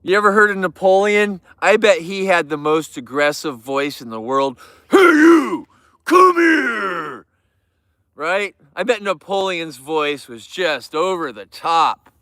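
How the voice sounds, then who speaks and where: Young sounding dude joking around on a stream, smooth clear voice, dry close mic. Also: male voice, on the high side, a little slow, hardly any pauses, bright, forceful tone, no room sound. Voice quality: youthful-sounding. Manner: joking, goofy, chatty. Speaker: livestream host. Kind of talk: casual livestream chat.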